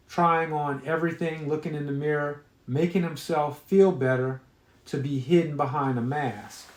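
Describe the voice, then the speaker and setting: Man reading his own horror story. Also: on the high side. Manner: casual storytelling with fillers. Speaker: author. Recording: roomy echo.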